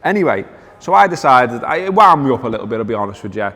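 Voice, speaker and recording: A man's voice: mid-range voice, sing-song, fast, a bit bright, long reverb tail. A man hosting a casual football chat, telling stories wryly, with lots of fillers. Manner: wry storytelling, reads out quotes, many fillers. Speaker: podcast host.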